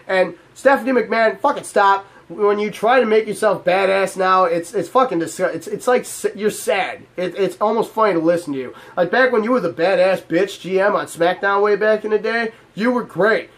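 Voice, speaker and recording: A man's voice: high voice, normal speed, few pauses, fairly bright tone. A man hosting his own channel, delivering a heated, profane, exasperated rant to camera. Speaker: channel host. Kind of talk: ranting vlog to camera.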